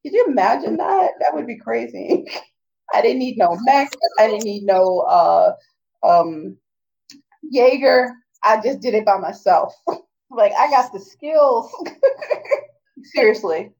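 A woman's voice: on the high side, lively intonation, slow, vocal fry, a little mellow, low-quality recording. A middle-aged woman in casual chat who laughs often and slips into playful mock voices.

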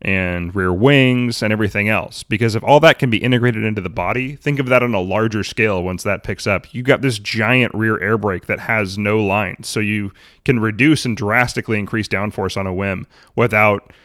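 A man co-hosting a podcast, giving measured opinions in a casual car chat. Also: on the low side, fairly bright tone, dry recording, studio quality. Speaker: podcast co-host.

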